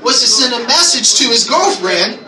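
A man sharing a personal testimony in church, telling his story in an animated way and acting out his own prayers. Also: extremely high pitch, moderate pace, music in the background. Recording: echoey room from far off, noisy ambience.

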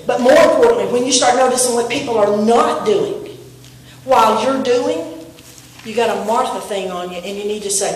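A woman preaching a sermon to her congregation, animated and asking them questions. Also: fairly high pitch, moderate pace, a little hiss or hum. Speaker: pastor. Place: church sanctuary. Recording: echoey room, voice from a distance.

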